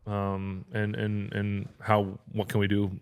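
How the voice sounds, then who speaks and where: A man in his thirties with a lowish voice, hosting a relaxed podcast conversation. He talks earnestly and rambles, restarting his sentences and leaning on fillers. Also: slow, clean tone. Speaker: podcast host. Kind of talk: casual podcast chat.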